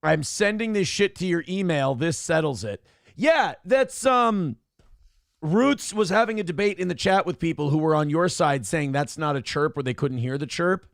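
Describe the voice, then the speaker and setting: A man hosting a live show, reading chat donations in a loud, joking manner with sudden shouts and low asides. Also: expressive, moderate pace, gravelly, no echo, clean studio sound. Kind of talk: casual livestream chat.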